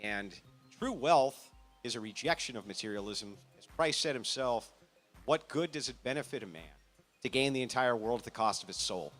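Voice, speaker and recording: Man panel guest, mid-pitched and bright, sincere, measured delivery with faint music behind. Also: expressive. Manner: earnest, measured, moralizing. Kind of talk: earnest panel talk.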